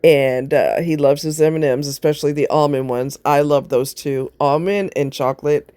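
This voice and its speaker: Low-voiced chatty woman. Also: steady tone, normal speed, dark tone, no room sound. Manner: chatty, rambling, laughs a lot. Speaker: vlogger. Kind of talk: casual chat.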